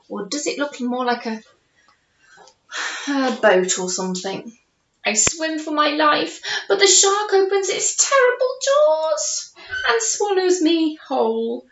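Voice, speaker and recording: A woman's voice: high voice, creaky. A woman teacher reading a picture book aloud to young children at home, playful and asking them questions. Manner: lively, playful, asks the young listeners questions. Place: home with a conservatory. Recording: roomy, dull home recording.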